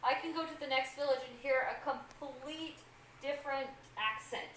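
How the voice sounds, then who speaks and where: High-voiced woman, distant and roomy. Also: moderate pace, fairly bright tone, a little hiss or hum. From Utah. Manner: chatty, teasing, reads viewer comments aloud. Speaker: co-host reading chat. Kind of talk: casual live-stream chat.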